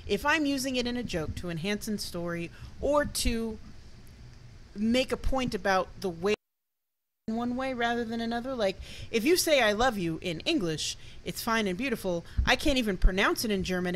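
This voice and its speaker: A woman's voice: a little high, animated, normal speed, slight background noise, low-quality recording. A woman hosting a casual panel chat, blunt and playful, swearing freely as she talks. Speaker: host.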